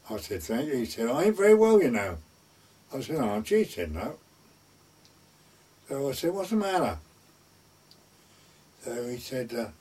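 An older man with a husky voice telling a long, rambling oral-history story in plain rural dialect, full of "he said, I said.". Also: medium pitch, a little mellow. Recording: voice far from the mic.

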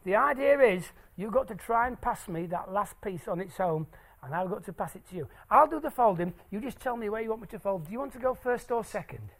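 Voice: mid-range voice, lively intonation, brisk. A stage presenter doing maths tricks live for an audience in a hall, playful and jokey as they draw the crowd in.

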